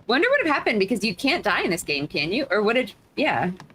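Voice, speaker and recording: A woman's voice: medium pitch, big pitch swings, quick pace, fairly bright tone, breathy edge. A woman chatting playfully while playing a story game, often wondering aloud. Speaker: co-player. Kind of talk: casual let's play chat.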